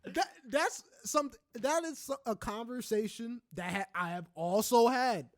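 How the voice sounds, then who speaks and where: A young adult man co-hosting a podcast in casual chat, speaking candidly and swearing freely, often ending lines with "right?" and rising into loud animated rants. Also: extremely high pitch, measured pace, no echo. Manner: rises into loud animated ranting. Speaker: podcast co-host.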